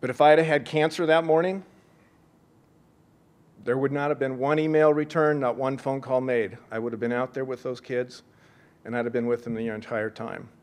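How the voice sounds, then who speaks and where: A middle-aged man from Seattle giving an earnest, reflective speech, telling a personal story with gentle humor. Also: medium pitch, steady tone, moderate pace. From Seattle, USA. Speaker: speaker at a leadership event.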